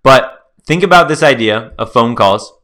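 Bright-voiced man hosting a podcast. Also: mid-range voice, lively intonation, moderate pace. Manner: chatty, storytelling, addresses listeners as guys. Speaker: podcast host. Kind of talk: casual solo podcast monologue.

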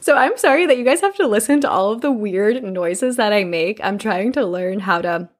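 A woman in her twenties hosting a podcast, talking in a casual, profane, effusive way about self-love, a little out of breath. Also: medium pitch. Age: 20s. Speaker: podcast host. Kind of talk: casual self-help monologue.

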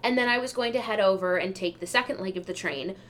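A woman's voice: medium pitch, quick pace, a bit bright, slight background noise. A young adult woman hosting a podcast, telling travel mishaps in a chatty, wry, self-deprecating way. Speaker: podcast host. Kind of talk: casual travel storytelling.

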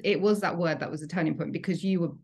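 A low-voiced woman speaks as a hypnotherapist guest on a podcast. She explains things carefully and thinks aloud, going back over her words as she goes. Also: fast talker, creaky, darkish tone, husky. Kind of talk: reflective conversational podcast chat.

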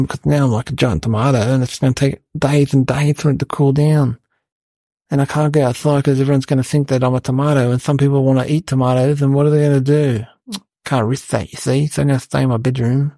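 A man's voice: medium pitch, creaky, mellow, no echo. A man playing a cheeky, boastful young boy who rambles on in a bossy, comic monologue. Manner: rambling, bossy, full of likes and restarts.

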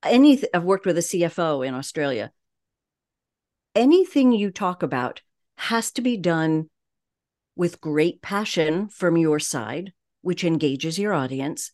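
A woman with a Long Island accent speaks in a fairly low voice as a voice coach on a podcast. She talks at a measured cadence and leans on deliberate pauses. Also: darkish tone. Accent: Long Island New York. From Long Island, New York. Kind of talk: podcast interview.

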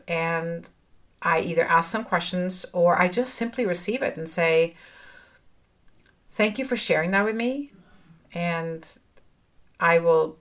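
A middle-aged woman coaching on relationships, giving gentle reflective advice with pauses and self-corrections. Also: fairly low pitch. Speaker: divorce coach. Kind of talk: podcast monologue.

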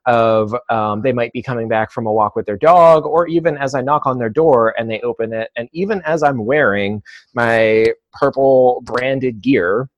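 A male dog trainer talks through his experiences as an interview guest. He takes his time and fills gaps with soft hesitations. The recording is dry and close, with almost no room sound. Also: mid-range voice, dry recording, highs cut off. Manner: thoughtful, measured, many "um" and "uh" pauses. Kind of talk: conversational interview.

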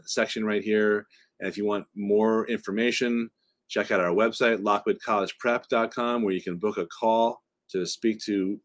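A middle-aged man, a college admissions consultant, explains things casually with wry, offhand jokes and plenty of fillers. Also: fairly low pitch.

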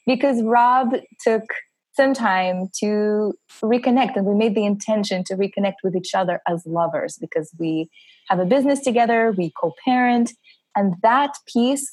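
A woman's voice: mid-range voice, darkish tone, no room sound, poor audio. A woman in her thirties talks candidly as a podcast guest, with a mid-range voice. She laughs easily between phrases. The recording is dry and close, with no room sound. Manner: open and frank, laughs often between phrases. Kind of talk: candid casual interview chat.

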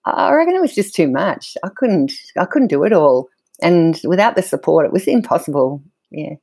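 A middle-aged woman, a guest telling stories from her own life in a candid, animated way and laughing often as she talks. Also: lowish voice, normal speed, gravelly, husky, no room sound. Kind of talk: candid conversational storytelling.

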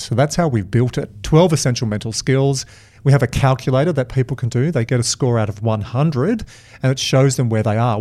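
A man co-hosting a casual podcast, telling energetic stories and acting out quoted lines. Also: medium pitch. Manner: energetic, storytelling with acted-out quotes. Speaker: podcast co-host.

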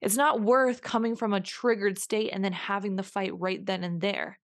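A woman's voice: medium pitch, fairly even intonation, normal speed. A young adult woman hosting a solo podcast, talking earnestly and reflectively, repeating herself for emphasis with frequent restarts. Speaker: podcast host.

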